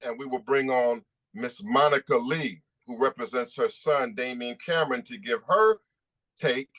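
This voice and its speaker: A man's voice: medium pitch, measured pace, a bit bright. A man, an attorney hosting a press conference, speaking emphatically and repeating rhetorical questions.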